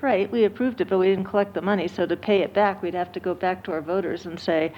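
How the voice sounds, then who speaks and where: A woman school board member explaining a point in a public meeting, earnest and measured. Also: fairly low pitch, fairly even intonation, slight background noise. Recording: dull lo-fi meeting audio.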